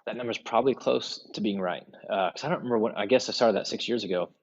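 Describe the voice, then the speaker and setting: A man's voice: lowish voice, fast talker, highs cut off, a little hiss or hum. A middle-aged man, a podcast guest who speaks about leadership, telling stories in a casual interview and acting out the voices of people he quotes.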